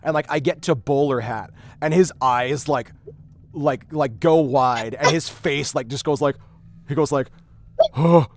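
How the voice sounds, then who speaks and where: A man's voice: mid-range voice, unhurried. A man hosting a game stream, telling a story in casual chat with many restarts and fillers. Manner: rambling, animated storyteller with frequent restarts. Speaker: streamer host.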